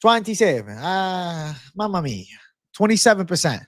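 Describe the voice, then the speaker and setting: Casting: a man hamming up a silly foreign accent, pitched way up, dry close sound. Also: sing-song, slow, fairly bright tone, no echo, exaggerated voice. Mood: goofy. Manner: exaggerated, clowning, broken English. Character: jokey man with a hammy put-on foreign accent.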